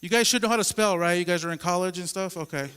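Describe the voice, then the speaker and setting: A man's voice: sits high, fast talker, fairly bright tone, smooth, in a large hall. A man finishing a stand-up set in front of a live audience, talking to the crowd in a confiding way. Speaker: stand-up comedian. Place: comedy show stage, live audience.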